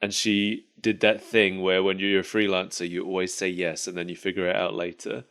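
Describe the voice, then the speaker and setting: Chatty podcast man, slightly low voice. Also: flat delivery, brisk, creaky, a bit bright, smooth. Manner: chatty, rambling, laughs often at his own jokes. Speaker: podcast co-host. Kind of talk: casual chat.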